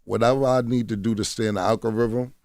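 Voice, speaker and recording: A fast-talking man with a mid-range, darkish voice and a steady tone tells candid stories as a radio interview guest. He's blunt, swears freely, and often says "you know what I'm saying." The studio mic yields a dry recording.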